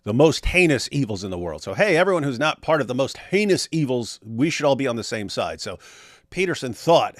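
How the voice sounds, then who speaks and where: A man's voice: mid-range voice, big pitch swings, fairly quick, dry recording. Sex: man. Role: show host. Style: dry-sounding casual livestream chat, jokey and rambling. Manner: jokey and rambling, breaks into silly voices.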